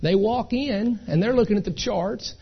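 A high-pitched man with a creaky, breathy-edged voice talks at normal speed, and the recording has its highs cut off. Speaking live at an identity theft seminar, he chats folksily, tells stories, and keeps checking in with "okay?"

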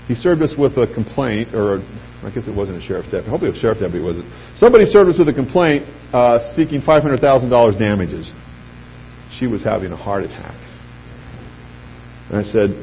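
Middle-aged man telling lively stories. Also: mid-range voice. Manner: lively storytelling, acts out quoted voices. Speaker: speaker addressing a sales audience. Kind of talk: anecdotal pitch speech. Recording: dull lo-fi recording with faint hum.

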